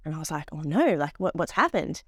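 A woman co-hosting a podcast, telling an embarrassing travel story in a lively, animated way and acting out the people in it. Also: sits low, a little fast, breathy edge, no room sound, clean studio sound. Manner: animated storyteller, acts out voices in anecdotes. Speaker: podcast co-host. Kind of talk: casual chat.

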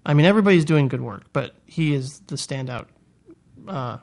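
A man's voice: a little high, animated, moderate pace, vocal fry, darkish tone. A man co-hosting a podcast, chatting casually with an enthusiastic, jokey, slightly rambling manner. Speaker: podcast co-host. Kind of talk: casual chat.

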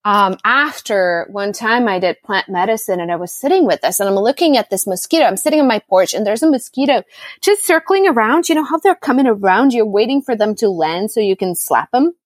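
A woman's voice: mid-range voice, brisk, no room sound, studio quality. A middle-aged woman who is a business coach, telling stories in a casual interview and acting out her own reactions as she goes. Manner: animated storyteller, acts out her own reactions. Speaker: podcast guest, business coach. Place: home in Costa Rica during rainy season.

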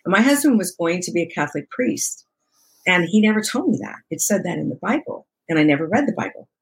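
Speaking quickly in a low, creaky, slightly rough voice, an interview guest in her sixties tells a personal story. She laughs often and acts out the dialogue in an expressive, conversational manner.

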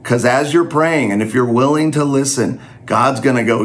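A man's voice: mid-range voice, normal speed, few pauses. A man teaching in a conversational sermon style, earnest and self-deprecating.

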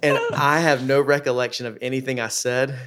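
A man's voice: medium pitch, fairly even intonation, brisk, background noise. A man hosting a podcast interview, asking questions in a reflective, conversational way.

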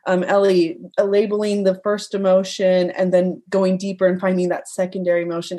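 A woman's voice: lowish voice, a little mellow. Heartfelt, hesitant young woman. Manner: heartfelt, emotional, hesitant with many ums. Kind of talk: casual conversation.

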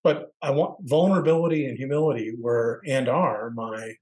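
A man's voice: medium pitch, fairly even intonation, normal speed, a little mellow, low-quality recording. Candid middle-aged man, reflective podcast talk. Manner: candid, searching, acts out quoted voices. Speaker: podcast co-host.

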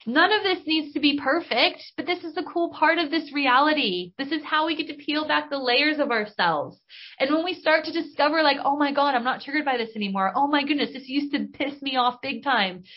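A woman with a slightly high voice talks enthusiastically through a spiritual coaching monologue. She is bubbly and casual and drops in mild slang. The recording sounds dull and lo-fi. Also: fairly quick. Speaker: podcast host and business coach.

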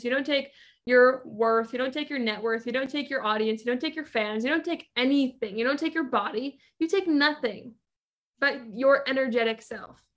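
High-voiced emphatic motivational woman. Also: fairly bright tone. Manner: emphatic, repetitive, rhetorical questions. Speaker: podcast host and business coach. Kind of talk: motivational monologue.

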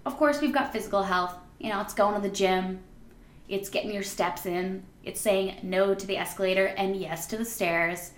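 Bubbly, squeaky-voiced woman podcast host. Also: normal speed, echoey room. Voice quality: high-pitched, squeaky. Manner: bubbly, energetic, emphatic. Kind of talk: upbeat podcast monologue.

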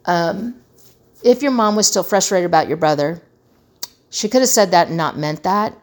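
A woman's voice: on the low side, lively intonation, moderate pace, darkish tone. Earnest conversational middle-aged woman. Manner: earnest, conversational, acts out quoted remarks. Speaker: host. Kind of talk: casual advice talk.

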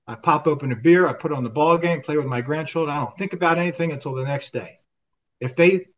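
A man's voice: on the high side, a bit bright, distant mic, rough recording. An older man, a retired army officer guest on a podcast, telling a story in conversation and acting out the dialogue with frequent restarts.

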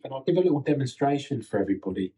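A man hosting a spiritual podcast, talking in a calm, measured way while he walks the listeners through a demonstration. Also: mid-range voice, low-quality recording. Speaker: podcast host.

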